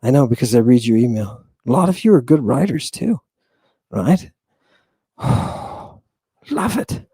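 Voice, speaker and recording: A man's voice: medium pitch, lively intonation, normal speed, dark tone, husky, no echo. A man hosting a livestream lecture, emphatic and sighing often, breaking into asides and checking that his audience understands. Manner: emphatic, keeps asking the audience if they understand. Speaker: host.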